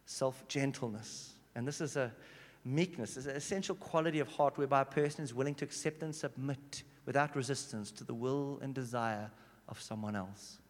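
A man preaching a sermon, telling stories animatedly and swinging from hushed to loud. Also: medium pitch, normal speed, few pauses. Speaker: pastor. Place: church hall. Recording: long reverb in a church hall.

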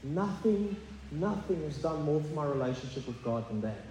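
Pastor preaching in echoey church. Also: male voice, fairly high pitch, expressive, normal speed, mellow, a little hiss or hum. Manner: earnest, confessional preaching with many fillers and restarts. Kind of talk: sermon. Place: church sanctuary. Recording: echoey hall, faint ambience.

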